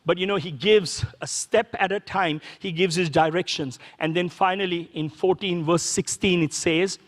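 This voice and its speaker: A man's voice: high voice, steady tone, normal speed, long reverb tail. A man preaching a sermon as a pastor, in a conversational way full of rhetorical questions. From Sri Lanka.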